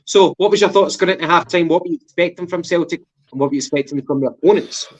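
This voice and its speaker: A man's voice: fairly high pitch, fast. A man with a Glaswegian Scottish accent co-hosting a football podcast, chatty and asking questions. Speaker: podcast co-host. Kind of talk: casual football chat. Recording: dull lo-fi sound.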